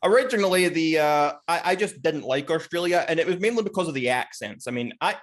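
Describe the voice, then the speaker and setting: A man's voice: fairly high pitch, expressive, quick pace. A man talking as a guest on a podcast, smug and pedantic, correcting the host as he argues. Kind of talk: argumentative podcast chat.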